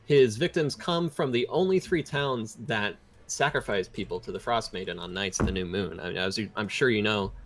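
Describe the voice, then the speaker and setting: A man as dungeon master, narrating and speaking for characters in a measured, expository way. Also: lowish voice. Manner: expository, measured, with many fillers. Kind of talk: narrating a tabletop game in character.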